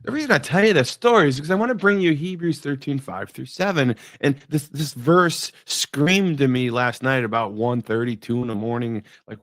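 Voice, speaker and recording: A middle-aged man speaks in a reflective devotional talk, his voice gravelly with a gritty fry. The sound is close and dry with no room around it. He muses conversationally and lets his sentences fade low and soft. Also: dry recording. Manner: musing, conversational, trails off quietly.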